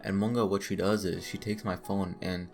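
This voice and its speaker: A man's voice: low voice, level tone, moderate pace, faint music behind. A man telling a crude, joking story in a casual, rambling way, full of asides. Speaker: storytime vlogger.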